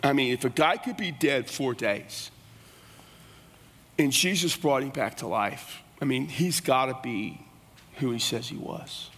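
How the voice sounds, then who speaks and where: A man's voice: medium pitch, measured pace, a bit bright, slightly rough. A man preaching a sermon in a folksy, conversational way. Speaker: pastor. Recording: long reverb of a large hall.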